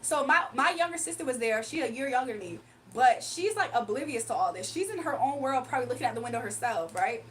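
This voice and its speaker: Young woman streamer, high-pitched, chatty animated storyteller, casual asides to the chat. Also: fast, hardly any pauses, far from the mic, a little hiss or hum, low-quality recording. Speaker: livestreamer.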